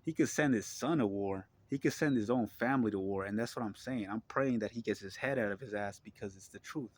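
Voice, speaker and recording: A man with a fairly low voice delivers an impassioned monologue to his viewers. He is blunt and profane and repeats his points in a preachy way. He keeps checking in with the listener before pushing on. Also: a little fast. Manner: asks listeners for agreement. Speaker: vlogger.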